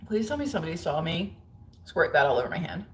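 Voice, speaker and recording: Chatty woman with a low, roomy-sounding voice. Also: big pitch swings, quick pace. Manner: chatty, frank, laughs often, many fillers. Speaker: livestream host. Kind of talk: casual livestream chat reading viewer comments. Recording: roomy echo.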